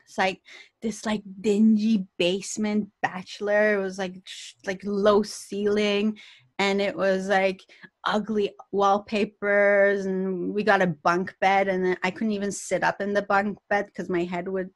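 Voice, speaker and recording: A woman's voice: medium pitch, flat delivery, a little slow, dry recording. A woman guest telling a personal story on a podcast, acting out quotes and laughing often. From Canada. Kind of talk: storytelling interview.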